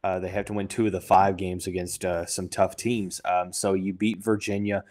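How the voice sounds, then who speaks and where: A young man with a somewhat low voice hosts a podcast, talking through the numbers in a loose, unscripted way. He stops and restarts a lot and fills the gaps with fillers, and he has the hiccups. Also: flat delivery, moderate pace, a little mellow. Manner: thinking aloud with many fillers and restarts. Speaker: podcast host. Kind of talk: casual sports commentary.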